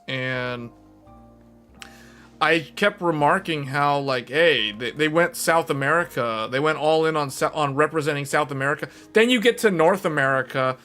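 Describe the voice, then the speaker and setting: A man streaming to his viewers, chatting casually in a rambling, animated way and laughing often. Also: fairly high pitch, smooth.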